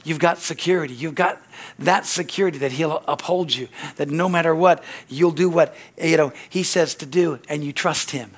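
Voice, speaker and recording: A man with a high-pitched voice preaches a sermon with fervent energy. He peppers his lines with amen and hallelujah and breaks into quick acted-out dialogues. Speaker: pastor.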